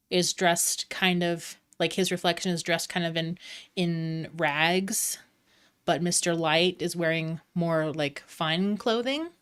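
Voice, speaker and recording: Woman dungeon master, slow and lowish voice, laid-back narration full of "um" and "like". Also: smooth. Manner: relaxed, filler-heavy narration. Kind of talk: narrating a tabletop game.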